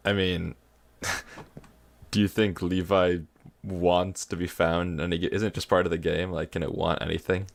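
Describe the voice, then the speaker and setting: A man with a low voice chats calmly over a game session and asks easygoing questions. His tone stays relaxed and unhurried. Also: vocal fry. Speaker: co-player in the video. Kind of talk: casual game chat.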